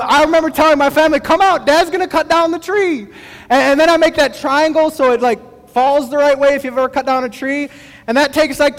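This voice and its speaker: Man, pastor, sermon, very high voice, casual storytelling, long hall reverb. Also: fairly bright tone. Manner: conversational storytelling with self-deprecating humor.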